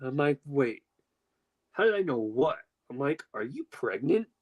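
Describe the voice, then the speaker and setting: Animated storytelling man, lively pitch. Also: measured pace, poor audio. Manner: animated, acts out quotes with pitch jumps, swears casually. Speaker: podcast host. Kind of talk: casual storytelling chat.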